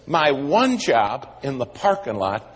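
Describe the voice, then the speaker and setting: A man's voice: medium pitch, very animated, slow pace. A male preacher, telling a humorous story in a sermon.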